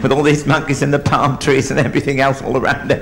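A man's voice: medium pitch, level tone, fast, vocal fry, a bit bright. A man, a drag comedian telling a bawdy joke on a live stage in a rambling, stumbling way. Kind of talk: bawdy live stand-up storytelling.

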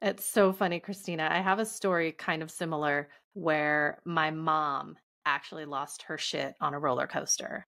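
A woman co-hosting a podcast, talking in expressive casual chat with frequent exclamations. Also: deep voice, moderate pace, creaky, hardly any pauses. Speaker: podcast co-host.

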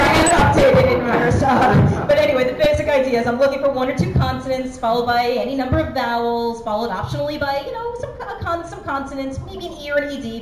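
A woman giving a conference talk, chatty and self-deprecating, with many fillers. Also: on the high side. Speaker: conference speaker. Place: conference hall. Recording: echoey hall with background noise.

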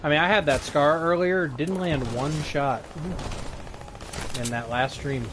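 A man's voice: on the high side, measured pace, fairly bright tone, a little hiss or hum. A man streaming live gameplay, chatting and playfully taunting opponents as he plays. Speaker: game streamer. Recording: game gunfire behind voice. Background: game gunfire and effects.

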